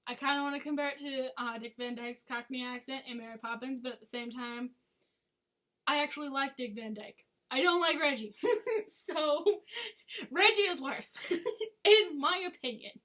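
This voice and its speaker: A woman's voice: sits high, normal speed, fairly bright tone. A woman chatting casually as a movie reviewer, with frequent giggles and sarcastic asides. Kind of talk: casual chat.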